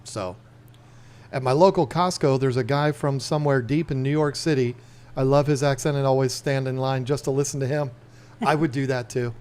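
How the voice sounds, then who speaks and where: A man's voice: medium pitch, moderate pace, clear, resonant tone. A man from Northern Virginia hosting a podcast, chatting casually and laughing often. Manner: animated storyteller, laughs often, slips into voices. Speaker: podcast host. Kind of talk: casual livestream chat.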